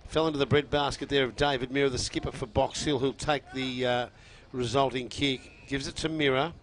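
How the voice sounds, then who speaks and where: A man giving energetic play-by-play of a football match on radio, pushing louder on the big moments. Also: mid-range voice, fairly quick. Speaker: co-commentator. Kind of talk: radio sports commentary.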